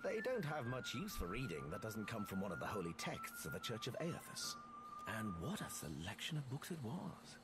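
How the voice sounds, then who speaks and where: Roaming scholar-adventurer, wistful storyteller, low voice, very lively pitch, game dialogue over music. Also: male voice, normal speed. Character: wandering male scholar adventurer, restless.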